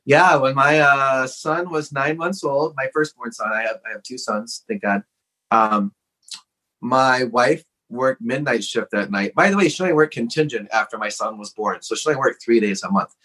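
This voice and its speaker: A man's voice: medium pitch, moderate pace, sharp tone, poor audio. A man as a podcast guest, telling a personal story in a frank, earnest way with lots of casual "like" fillers.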